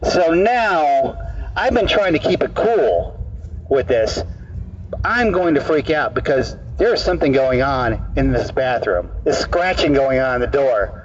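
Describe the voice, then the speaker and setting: Halting man telling a rambling story outdoors. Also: medium pitch, a little hiss or hum. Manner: halting, repeats words, deadpan absurd tale. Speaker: street comedian. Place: outdoor public park. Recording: dull distant outdoor recording.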